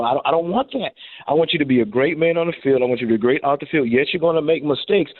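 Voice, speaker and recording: Animated man on a tinny phone line. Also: mid-range voice, no echo. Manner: animated storyteller, acts out his own quotes. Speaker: guest, former NFL receiver and coach. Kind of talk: phone-in radio interview.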